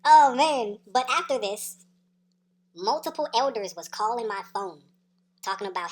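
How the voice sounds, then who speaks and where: A woman with a fairly high voice spins a personal story time tale in loose, profane slang. She keeps checking in with "right?" and breaks into laughs between beats. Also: a little slow. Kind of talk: casual story time monologue.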